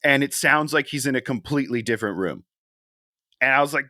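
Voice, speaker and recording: A man's voice: mid-range voice, lively intonation, fast, pushed and bright, no room sound, clean studio sound. A man co-hosting a casual movie-review podcast, joking and sarcastic as he picks a film apart. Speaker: podcast co-host.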